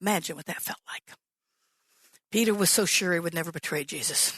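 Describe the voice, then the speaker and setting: Woman pastor preaching an animated sermon. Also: on the low side, brisk, husky, no echo. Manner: animated storytelling, acts out quoted voices.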